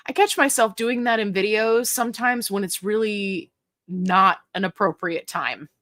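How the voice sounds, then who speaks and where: A woman's voice: mid-range voice, measured pace, a bit bright. Chatty woman hosting a livestream. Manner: chatty, jokey, reads viewer comments aloud. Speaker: livestream host. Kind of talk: casual livestream chat reading comments.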